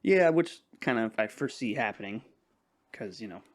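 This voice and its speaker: A man's voice: on the low side, animated, normal speed. Laid-back young man chatting casually. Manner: laid-back, laughs often, acts out quotes. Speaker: podcast co-host. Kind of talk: casual chat.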